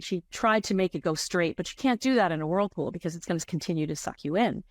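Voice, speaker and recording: Woman, middle-aged, grief counselor, lowish voice, candid and searching, dry close sound. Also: quick pace, no echo. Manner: candid, searching, frequent restarts. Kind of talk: reflective interview answers.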